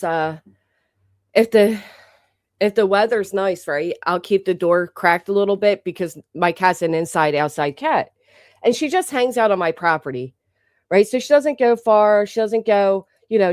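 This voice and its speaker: A woman's voice: mid-range voice, darkish tone, no echo, studio quality. Blunt, foul-mouthed woman streamer. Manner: rambling, profane, with many restarts. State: sore throat. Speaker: livestream host. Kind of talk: casual livestream chat reading out member shout-outs.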